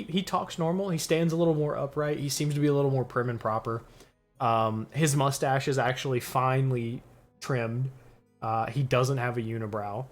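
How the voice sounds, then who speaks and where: Male game master, casual narration, laughs a lot, loose delivery. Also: mid-range voice. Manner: casual, laughs often, many fillers.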